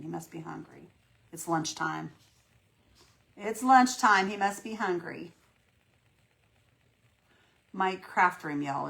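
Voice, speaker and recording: A woman's voice: low voice, creaky, fairly bright tone. A woman hosting a casual live painting tutorial, folksy and chatty, greeting viewers by name and talking herself through each step. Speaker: craft livestream host.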